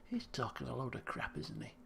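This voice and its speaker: A man's voice: medium pitch, big pitch swings, brisk, vocal fry, a bit bright, a little hiss or hum. A man playing through a video game, joking and rambling with stammered restarts as he reads dialogue aloud. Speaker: let's play commentator. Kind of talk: casual game commentary and reading dialogue.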